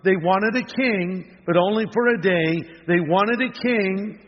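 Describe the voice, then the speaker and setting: A man's voice: sits high, measured pace. Older male preacher in a reverberant hall. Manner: earnest preaching with conversational asides. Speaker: pastor. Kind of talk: sermon. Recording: long hall reverb, dull lo-fi sound.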